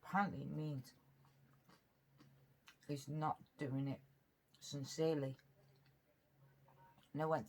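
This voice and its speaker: Rambling woman with a low voice. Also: little pitch movement, takes it slowly, pauses often, a little mellow, a little hiss or hum. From Britain. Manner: rambling, chatty, earnest; eating while talking. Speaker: mukbang vlogger. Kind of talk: casual eating chat.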